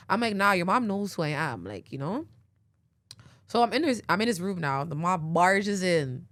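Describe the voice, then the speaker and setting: Chatty woman, low voice. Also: expressive, moderate pace, a bit bright, no room sound. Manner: rambling, filler-heavy, laughs often. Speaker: podcast host. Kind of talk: casual storytelling.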